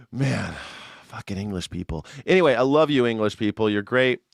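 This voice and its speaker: A man's voice: on the low side, lively intonation, moderate pace, creaky, no echo, studio quality. An American man hosting a news reaction show, rambling and joking in a casual rant. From United States. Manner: rambling, joking, laughs often. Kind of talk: casual ranting commentary.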